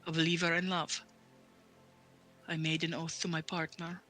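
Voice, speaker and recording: A man voicing a grieving male undead paladin knight, speaking in halting, solemn apologies. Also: fairly high pitch, monotone, bright, forceful tone, faint music behind.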